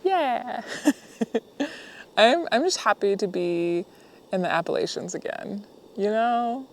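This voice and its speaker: A woman's voice: on the high side, animated, takes it slowly. A woman vlogging at her campsite while she cooks dinner, chatting in an upbeat way and laughing often as she acts out little exchanges with people she met. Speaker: motorcycle travel vlogger. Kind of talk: casual chatty vlog narration. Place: outdoor campsite, cooking.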